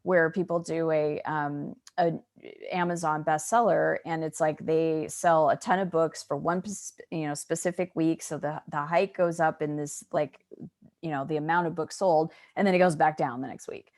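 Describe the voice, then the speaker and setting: A woman's voice: low-pitched, steady tone, normal speed, darkish tone, no echo, clean studio sound. A middle-aged woman, an author being interviewed, talking in a chatty, upbeat way with many fillers. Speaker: author and guest. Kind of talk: casual interview.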